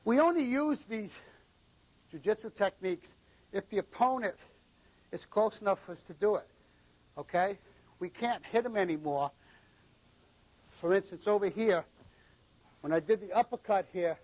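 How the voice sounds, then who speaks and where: Martial arts teacher guy from new england, fairly high voice, counts off the moves as he demos. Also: darkish tone, no echo, rough recording. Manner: coaching, counting out moves, short commands. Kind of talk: live martial arts demonstration.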